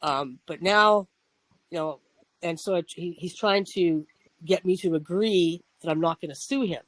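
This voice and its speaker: Man, casual storytelling, rambling, restarts, swearing, slightly high voice, dry recording. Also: a little slow, fairly bright tone, no room sound, poor audio. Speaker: podcast host.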